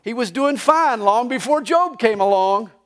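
Southern preacher guy, high voice, gets loud then goes real quiet, live sermon in church. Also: measured pace. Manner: animated preaching, voices for God and Job, rising and dropping to a hush. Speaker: pastor. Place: church service.

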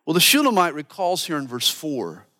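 A man preaching a sermon as a pastor, animated and earnest, dropping to hushed asides for emphasis. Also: on the high side, normal speed. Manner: animated preaching, mimics voices for quotes.

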